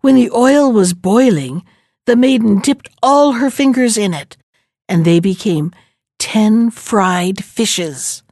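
A woman narrating an old fairy tale and giving each character a different pitch. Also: expressive, takes it slowly, darkish tone, no room sound, studio quality. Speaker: storyteller.

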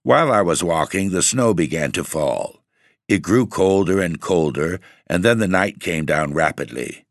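Deep-voiced man narrating a story. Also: expressive, moderate pace, gravelly, dry recording, clean studio sound. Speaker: audiobook narrator. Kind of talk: first-person story narration.

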